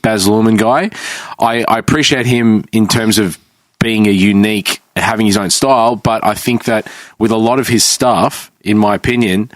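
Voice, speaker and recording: A man's voice: on the low side, normal speed, no room sound. A man in casual podcast chat, weighing his opinions carefully and hedging. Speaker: podcast co-host.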